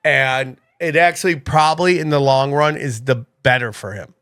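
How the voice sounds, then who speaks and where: A man of Armenian heritage hosting a podcast in a casual, animated, rambling way. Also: moderate pace, clean tone. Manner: animated, rambling, jumps up in pitch when excited. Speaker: podcast host.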